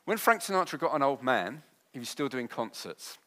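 Preacher swinging hushed to rousing. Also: male voice, medium pitch, very animated, normal speed. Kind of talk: sermon.

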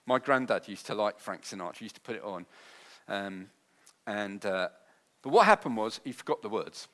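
A man preaching a sermon, his delivery moving between quiet tender passages and loud rousing ones. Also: on the low side, expressive, normal speed.

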